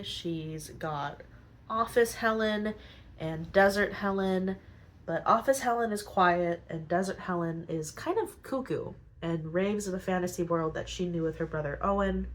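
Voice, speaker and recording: A woman with a low voice hosts a podcast, recorded with poor audio quality. She casually sums up story plots in a chatty way, using filler "like" and tossing in plenty of quick asides.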